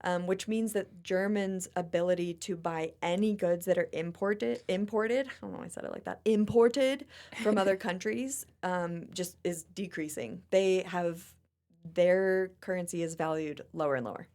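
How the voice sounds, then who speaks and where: A woman hosting a podcast in a chatty, expressive, casual way. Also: lowish voice, normal speed. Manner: chatty and expressive, often laughing. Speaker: podcast host. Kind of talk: casual chat.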